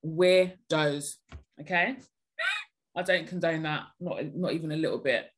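A woman's voice: low voice, moderate pace, a bit bright, breathy edge. A woman hosting a podcast, giving blunt, emphatic advice in casual chat.

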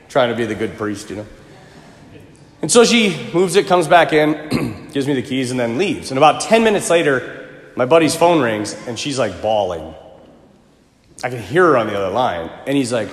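A priest preaching a sermon, telling a personal story in an animated way with chuckling asides. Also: male voice, a little high, a little fast. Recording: echoey reverberant hall.

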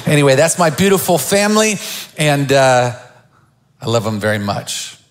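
A man's voice: medium pitch, very animated, normal speed. A middle-aged man preaching a sermon as pastor in a church, joking and telling stories before building to fervent preaching. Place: church stage.

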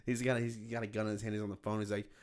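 A young man co-hosting a podcast, telling stories in casual chat, animated and laughing, swearing often and acting out other people's voices. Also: fairly low pitch, very fast. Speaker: podcast co-host.

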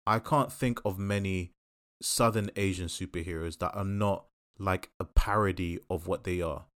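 A man hosting a casual chat podcast, talking in a passionate and opinionated way with quick asides. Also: deep voice, steady tone, fairly bright tone, no echo. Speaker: podcast host.

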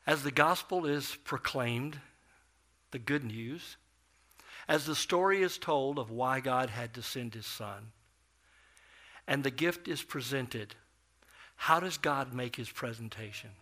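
A middle-aged man preaching a sermon as a pastor, telling a story with big swings between loud and soft. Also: medium pitch, slow, long pauses.

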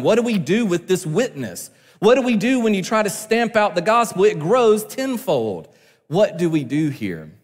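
A man's voice: a little high, big-room sound. A man preaching a sermon from the pulpit, earnest and building to emphatic peaks. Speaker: pastor. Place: church sanctuary.

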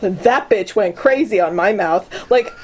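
A woman's voice: mid-range voice, animated, moderate pace, slight background noise, low-quality recording. A young adult woman in casual chat, talking freely with plenty of fillers, swearing and laughter. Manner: chatty and profane, laughs often, many fillers.

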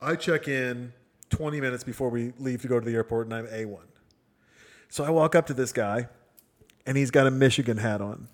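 A middle-aged man hosting a casual chat, telling stories in an animated way and acting out other people's voices. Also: medium pitch, fairly quick. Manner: animated, acts out voices in anecdotes. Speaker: podcast host.

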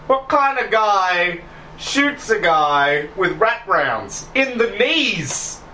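A man voicing a grumpy old retired male thief with bad knees who complains gruffly. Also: high voice, sing-song, drawn-out words, pushed and bright, distant mic, a little hiss or hum, pitched above the performer's own voice, heavily acted. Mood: grumbling.

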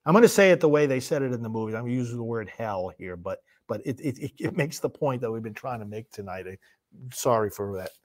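A priest hosting a studio broadcast, talking emphatically with many restarts. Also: male voice, medium pitch, animated, quick pace. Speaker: priest host. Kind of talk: studio commentary and prayer.

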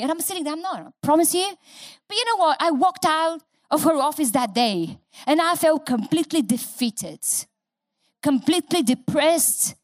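A woman's voice: high voice, no room sound. A woman pastor telling a personal testimony in a sermon, building to rousing calls to the congregation. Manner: storytelling, building to rousing call-and-response preaching.

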